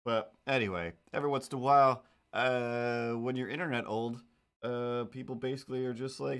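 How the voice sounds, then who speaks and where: A man's voice: medium pitch, fairly even intonation, moderate pace, fairly bright tone, clear, resonant tone. Guy streaming while he draws, rambly and goofy, pokes fun at himself, voice right in the middle range. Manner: rambling, self-mocking, playful asides. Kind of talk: casual livestream chat while drawing.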